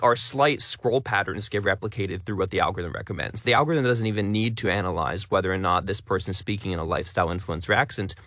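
A man who talks fast and stresses many words, a content creator being interviewed on radio in a studio. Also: fairly low pitch, fairly bright tone, no room sound.

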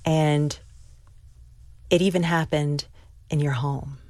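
A woman interviewing an author, asking thoughtful, measured questions. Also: low-pitched, steady tone, darkish tone, no room sound, clean studio sound.

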